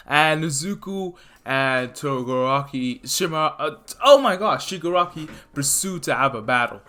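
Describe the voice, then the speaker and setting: A man casually retelling a fan story, rambling excitedly and tripping over names. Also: medium pitch, a little slow.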